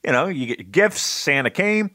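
Lively bright man on a podcast. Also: fairly high pitch, normal speed, no room sound, studio quality. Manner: laughs easily, asks questions. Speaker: podcast co-host. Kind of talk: casual chat.

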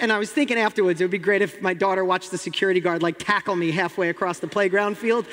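High-pitched New York man, storytelling. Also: in a large hall. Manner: animated, acts out dialogue with rising intensity. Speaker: guest. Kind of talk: motivational storytelling.

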